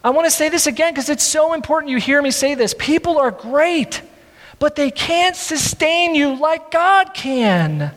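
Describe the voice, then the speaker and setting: A male pastor preaches a sermon in a very high, light voice that rings out with a long hall reverb. His delivery is earnest, and he stretches out the key words for emphasis, with wry self-deprecating asides to the congregation. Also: lively intonation, measured pace, fairly bright tone.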